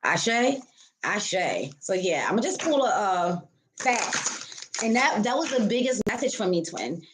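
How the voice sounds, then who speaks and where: A woman's voice: medium pitch, sing-song, a little slow, background noise. A woman tarot reader giving a casual spiritual talk to her viewers, candid and profane, calling them baby and honey.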